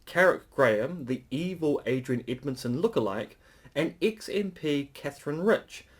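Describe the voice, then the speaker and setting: A man co-hosting a casual podcast, dry and sardonic, reading news items briskly. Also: fairly high pitch, animated. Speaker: podcast co-host.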